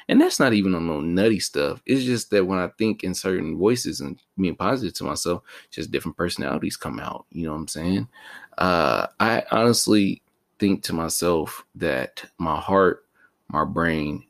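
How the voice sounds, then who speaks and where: A man's voice: sits low, vocal fry. A man talking in a slang-heavy, rambling and self-mocking casual monologue as a podcast host.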